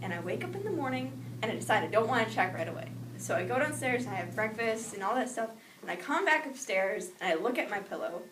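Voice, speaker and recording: A young woman telling a personal childhood story in a lively way, acting out the voices she quotes. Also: fairly high pitch, fast, hardly any pauses. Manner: animated, acts out quoted voices. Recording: echoey room with noise, mic at a distance.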